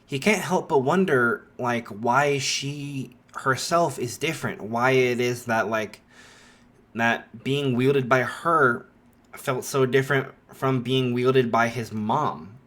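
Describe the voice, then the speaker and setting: A man's voice: medium pitch, slow, a bit bright. Rambling casual male storyteller. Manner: rambling, many filler likes. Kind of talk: casual fan story narration.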